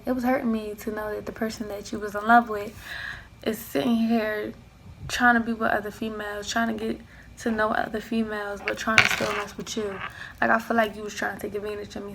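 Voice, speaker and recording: A young woman vlogger telling a personal storytime, animated, acting out what people said and dropping into hushed asides. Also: medium pitch, brisk, creaky, slight background noise, rough recording. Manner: animated storyteller who acts out quoted dialogue, slips into hushed asides. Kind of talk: storytime chat.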